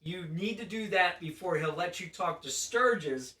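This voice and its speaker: A man co-hosting a casual gaming chat, recapping a game with animated storytelling and funny put-on character voices. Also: sits high, moderate pace, roomy sound, distant mic. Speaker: podcast co-host.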